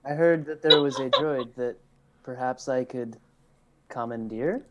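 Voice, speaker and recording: A man voicing a brooding trash can robot that craves a body, speaking in a slow, ominous, grandiose way. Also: mid-range voice, lo-fi sound, heavy background noise, natural voice.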